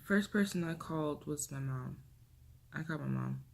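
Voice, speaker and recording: A young woman vlogger telling a personal story to camera, emotional and halting, often trailing off softly. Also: low-pitched, vocal fry. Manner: emotional, halting, with restarts and soft drops.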